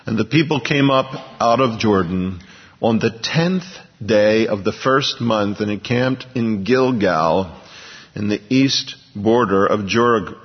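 A man preaching a sermon, reading scripture slowly and building to emphatic bursts. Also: on the low side, slightly rough. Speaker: pastor. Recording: dull, lo-fi with long hall reverb.

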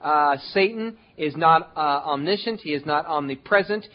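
A man preaching a sermon in an earnest way, with many pauses and fillers and stress on key words. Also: on the high side. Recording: dull lo-fi sound.

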